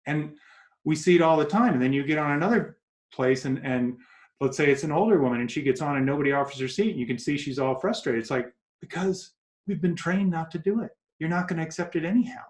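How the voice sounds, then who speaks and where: A man talks through his advice in a casual interview, telling anecdotes and slipping into quoted voices. His voice sits a bit high for a man. The room around him sounds echoey. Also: fast. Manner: animated storyteller acting out quoted voices. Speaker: guest coach.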